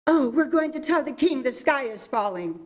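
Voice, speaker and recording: A woman's voice: high-pitched, expressive, normal speed, voice pushed up. Woman doing fretful little Henny Penny. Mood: alarmed. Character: anxious little hen, female, fretful. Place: city council chamber.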